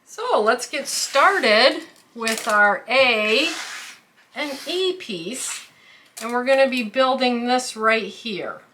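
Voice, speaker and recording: A woman's voice: on the high side, expressive, slow pace, sharp tone, slight background noise. A woman hosting a quilting tutorial who explains each step carefully, with the odd filler. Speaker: quilting channel host. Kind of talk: craft tutorial.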